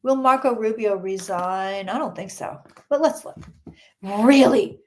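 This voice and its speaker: A woman's voice: medium pitch, measured pace, noisy background. A woman, a psychic reader, chatting through a live-streamed tarot reading and answering questions from the chat.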